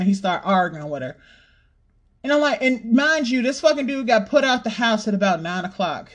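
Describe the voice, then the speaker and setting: Podcast host, casual storytelling, swears a lot, animated retelling, mid-pitched voice. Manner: blunt, profanity-heavy, animated retelling.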